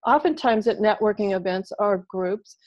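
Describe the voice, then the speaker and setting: Woman, expert guest, animated, acts out quotes, video call, muffled sound. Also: medium pitch, normal speed. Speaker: body language expert guest. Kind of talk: casual interview over video call. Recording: dull lo-fi video call audio.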